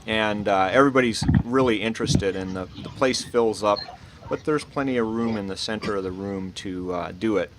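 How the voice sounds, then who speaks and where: A man narrating as dungeon master, explaining rules in a relaxed, rambling way with many fillers. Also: on the low side, moderate pace. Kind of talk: narrating a tabletop game. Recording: loud background noise.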